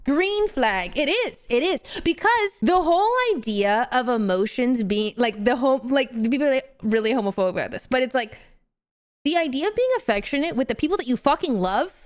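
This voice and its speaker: A young woman streaming and chatting casually, animated and swearing freely as she gets heated. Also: high-pitched, fairly quick. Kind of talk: casual chat.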